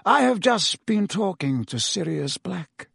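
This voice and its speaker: A man putting on a calm, unhurried old headmaster from a storybook, courteous but immovable, his measured lines rising and falling in a dry, close recording. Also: sits high, creaky, breathy edge, no echo, pitched above the performer's own voice, exaggerated voice.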